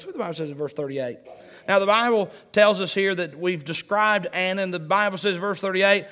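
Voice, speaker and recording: A pastor with a high voice delivers a sermon at a fairly quick pace, hammering each point home through repetition. He stays emphatic and steady, reading scripture aloud between points.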